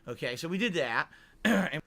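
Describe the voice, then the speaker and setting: A man's voice: a little high, expressive, normal speed, sharp tone. A middle-aged man from Connecticut telling a long-winded, emphatic vlog story and checking in with the listener. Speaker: vlogger. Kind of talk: rambling vlog monologue.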